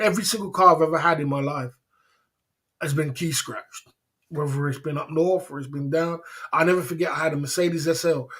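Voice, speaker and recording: British guy chatting on his livestream, fairly high voice, rambles and laughs a lot, keeps going "you know what i'm saying". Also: fairly bright tone, breathy edge. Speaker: livestream host. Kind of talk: casual livestream storytelling.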